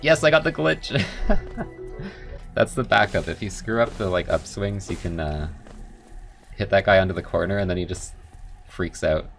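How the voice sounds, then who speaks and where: A man commenting casually on his own speedrun as he plays, chatty and full of "like" fillers, with loud bursts of excitement. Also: sits low, a little slow, creaky, long pauses, music in the background. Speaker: speedrunner streaming a game run. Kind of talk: casual live gameplay commentary.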